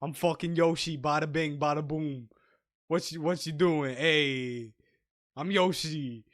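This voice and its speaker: A man voicing a foul-mouthed Yoshi, a green dinosaur that grew up on tough Brooklyn streets, in a loud, swaggering voice. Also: a little high, fairly even intonation, a little slow. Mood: brash.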